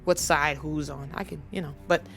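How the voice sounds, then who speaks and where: A woman's voice: low-pitched, steady tone, moderate pace, gravelly, faint music behind. A woman hosting a basketball commentary channel, ranting with mock-serious sarcasm in a rambling way.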